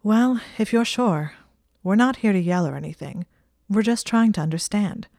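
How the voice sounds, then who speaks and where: A woman voicing a young male wizard who is calm and gently persuasive. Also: medium pitch, normal speed, gravelly, no room sound, studio quality, voice pushed up. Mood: earnest. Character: young man wizard, earnest, calm, supportive.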